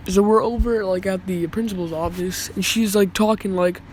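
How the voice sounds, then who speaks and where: A man's voice: sits high, fairly even intonation, moderate pace, a little mellow, slight background noise. A young man telling a casual story, rambling and swearing, with many restarts. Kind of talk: casual story time vlog.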